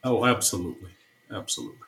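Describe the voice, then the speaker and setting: A man's voice: fairly low pitch, racing, a bit bright, low-quality recording. A man, a church stake president, earnestly telling a personal story in an interview, often repeating himself.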